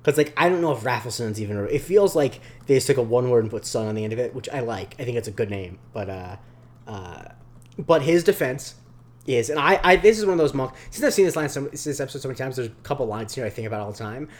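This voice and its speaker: A man at an ordinary mid pitch talks loosely through an episode recap on a podcast. He rambles, restarts and leans on fillers in relaxed, unscripted chat. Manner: rambling, filler-heavy, slips into quick voice impressions. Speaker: podcast co-host.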